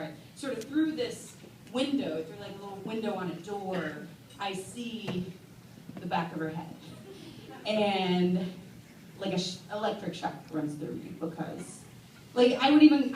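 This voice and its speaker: A woman performing a stand-up comedy set, telling an animated story and jumping into high squealing voices for quotes. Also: heavy reverb. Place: comedy club stage. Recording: distant mic in a noisy comedy club with loud crowd. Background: audience laughter.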